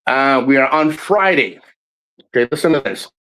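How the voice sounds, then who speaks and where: A man's voice: mid-range voice, moderate pace. A man ranting on a casual livestream, blunt and heavy on swearing, rambling as he tells stories and acts out what people said. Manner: animated storyteller who acts out quotes.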